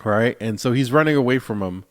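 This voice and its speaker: A man's voice: mid-range voice, brisk. A man from Philadelphia co-hosting a podcast in casual chat, jokey and slangy. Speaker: podcast co-host.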